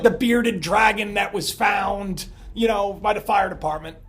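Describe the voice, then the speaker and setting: A man's voice: high voice, a little slow, a bit bright, faint music behind. A man hosting a casual monologue video, rambling and chatty with lots of fillers and asides. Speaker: prophecy video host. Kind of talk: casual monologue on end-times signs.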